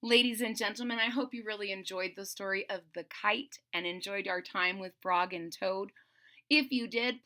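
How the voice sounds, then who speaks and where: A woman reading a children's story aloud in an animated, expressive way, talking to young listeners. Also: fairly high pitch.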